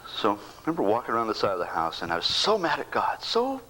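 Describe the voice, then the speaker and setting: A man in his sixties, a bereaved father, giving a halting personal faith testimony that keeps repeating words and slips into whispers. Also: fairly low pitch, very animated, bright, forceful tone, slight background noise, low-quality recording.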